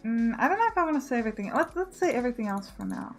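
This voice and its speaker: A woman's voice: on the high side, big pitch swings, racing, faint music behind. A woman giving casual let's play commentary, thinking aloud and correcting herself as she plans.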